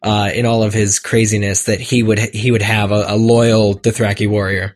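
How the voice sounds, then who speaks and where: A man co-hosting a podcast, musing his way through a point with halting pauses. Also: lowish voice, little pitch movement. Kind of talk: casual book-discussion chat.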